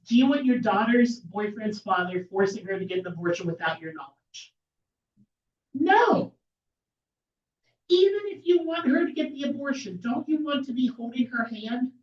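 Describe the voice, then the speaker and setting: A woman's voice: fairly high pitch, lively intonation, normal speed, long pauses, darkish tone. Brief: woman presenter, emphatic, in a roomy hall, mic far off. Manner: emphatic, rhetorical questions. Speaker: speaker at a political meeting. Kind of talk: persuasive presentation. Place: meeting hall. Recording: echoey room from far off, dull lo-fi.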